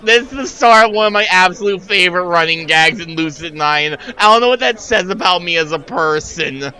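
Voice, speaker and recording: A man streaming himself reading a visual novel aloud, narrating and then ranting in an animated way, full of "like.". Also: high-pitched, fairly quick, smooth, low-quality recording. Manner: animated, frequent filler "like". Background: game music.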